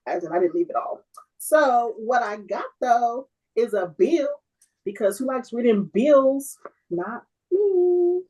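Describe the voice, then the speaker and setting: Woman, podcast co-host, casual chat, laid-back, joking, slightly high voice. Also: animated, takes it slowly, dark tone, husky, highs cut off.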